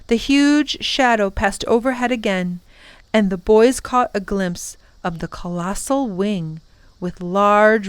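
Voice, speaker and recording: A woman librarian reading a children's chapter book aloud at storytime, gentle and expressive. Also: mid-range voice, clean tone, no room sound.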